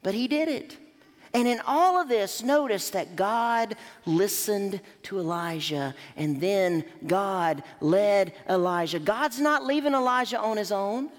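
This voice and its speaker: A woman's voice: mid-range voice, unhurried. A woman preacher delivering a sermon emphatically, rising and dropping her voice to drive points home. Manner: emphatic, lively rises and drops. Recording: long hall reverb.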